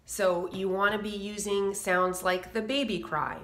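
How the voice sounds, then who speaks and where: A woman's voice: medium pitch, fairly even intonation, measured pace, fairly bright tone, reverberant, a little hiss or hum. A woman vocal coach giving a singing lesson to camera, explaining technique and breaking into short sung and nasal demos.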